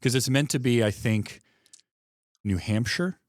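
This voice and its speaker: A man with a Michigan Midwest accent hosting a podcast, chatting about a film with quick, enthusiastic asides. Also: mid-range voice, no room sound, studio quality. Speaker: podcast host. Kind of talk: casual film discussion.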